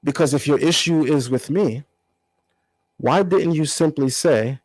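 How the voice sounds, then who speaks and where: High-voiced combative man calling someone out. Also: a little slow, dry recording, poor audio. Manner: animated, combative, emphatic repetition. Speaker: channel host. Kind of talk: confrontational commentary vlog.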